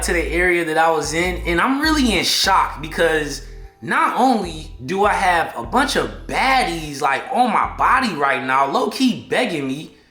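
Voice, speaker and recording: Animated slangy man telling a story. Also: sits high. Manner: slangy, excitable, acts out quotes. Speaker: vlogger. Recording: echoey room, faint music behind.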